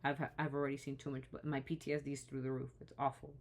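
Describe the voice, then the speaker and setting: Low-voiced woman in an impassioned rant. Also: flat delivery, racing, slight background noise. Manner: indignant and pleading, with frequent restarts. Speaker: vlogger. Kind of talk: impassioned opinion vlog.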